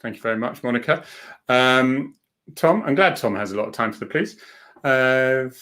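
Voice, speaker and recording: A man's voice: medium pitch, moderate pace, fairly bright tone. A middle-aged man, a former police officer, hosts a casual live stream, chatting and joking as he reads out viewer comments.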